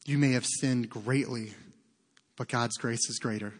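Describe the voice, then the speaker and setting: A man's voice: medium pitch, fairly even intonation, unhurried. A man preaching a sermon as pastor, earnest and conversational, often breaking off into casual asides. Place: church sanctuary. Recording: long reverb of a large hall.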